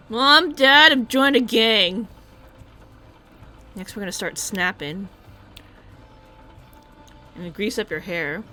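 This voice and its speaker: A woman's voice: medium pitch, expressive, slow pace, long pauses, pushed and bright, soft background music. A woman streamer making playful, giggly asides while playing a game. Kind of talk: casual game stream commentary.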